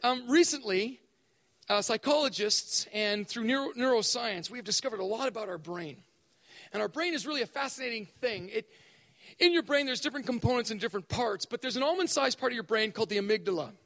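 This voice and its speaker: A man preaching a sermon at a spiritual event, animated and acting out voices to make his points. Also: very high-pitched, fairly quick, long reverb tail. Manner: animated, acts out voices for effect. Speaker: speaker at spiritual emphasis days.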